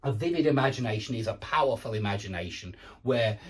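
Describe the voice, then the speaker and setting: A man's voice: medium pitch, animated, quick pace, recorded from a distance, a little hiss or hum. A man teaching an English lesson, explaining patiently and checking in with "yeah?" as he goes. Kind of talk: online language lesson.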